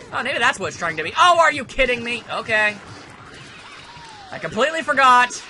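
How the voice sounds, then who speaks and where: A young man giving casual, sarcastic gameplay commentary, grumbling at the game and now and then bursting into shouts. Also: extremely high pitch, sing-song, a little fast, pauses often. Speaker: let's play commentator. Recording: faint game music behind.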